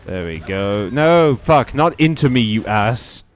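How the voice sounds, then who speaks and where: A man's voice: mid-range voice, lively intonation, slow pace. A man streaming a video game, chatting casually and reading out chat, with sarcastic asides and plenty of swearing. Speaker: gaming streamer. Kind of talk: casual let's-play commentary reading chat.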